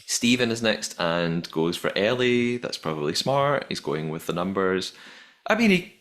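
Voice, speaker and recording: A man co-hosting a podcast, recapping an episode in casual chat, talking in quick bursts with frequent restarts. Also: sits low, very animated, fairly bright tone. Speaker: podcast co-host.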